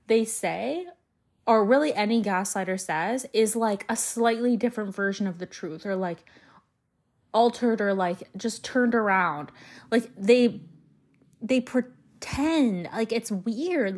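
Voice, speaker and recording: A young woman hosting a solo podcast, venting angrily and swearing heavily as she tells a story and walks through a list. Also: on the high side. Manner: angry, heavy swearing, animated storytelling. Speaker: podcast host.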